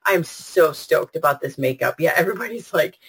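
Gushy chatty woman running a live webinar, super excited, talks straight to the chat. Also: low-pitched, fairly quick, breathy edge, poor audio. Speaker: webinar host. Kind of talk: live online product webinar.

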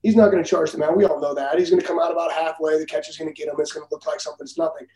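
Brief: ex-pitcher guest, man, higher voice but mellow tone, blunt and laughing, roomy sound. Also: steady tone, very fast. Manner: blunt, profane, laughs while telling stories. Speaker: former major league pitcher, guest. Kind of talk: casual storytelling.

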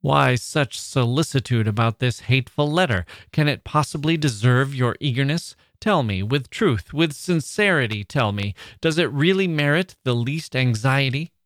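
A man reading aloud and voicing a jealous 18th-century gentleman who pleads and rages theatrically. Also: mid-range voice, expressive, moderate pace, few pauses, dry recording, studio quality, lightly acted. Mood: impassioned. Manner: impassioned, theatrical outbursts.

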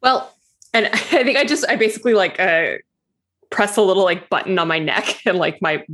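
A woman's voice: mid-range voice, lively intonation, moderate pace, a bit bright. A woman playing a tabletop game, talking hesitantly with many fillers and giggles. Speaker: player. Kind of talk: casual chat at a tabletop game.

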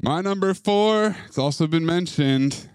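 A man's voice: on the high side, a little slow, clean tone, no echo, clean studio sound. A man co-hosting a podcast in playful casual chat who slips into put-on voices. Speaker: podcast co-host.

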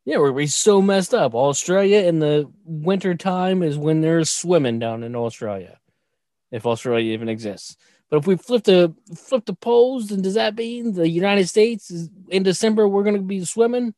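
A man's voice: sits high, lively intonation, moderate pace, dark tone, no room sound. A man in casual podcast chat, joking around and playing along. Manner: joking, playful, laughs along.

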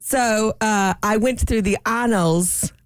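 A woman's voice: mid-range voice, takes it slowly, no echo. A woman co-hosting a radio show, talking earnestly and a little sheepishly in casual banter.

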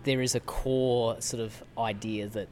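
A man's voice: mid-range voice, steady tone, unhurried, darkish tone, a little hiss or hum. A man co-hosting a podcast and speaking at an event, earnest and chatty. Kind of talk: casual chat.

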